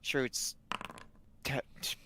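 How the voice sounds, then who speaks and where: A man's voice: slow, pushed and bright. A man chatting casually as a player in a tabletop game, wry and offhand.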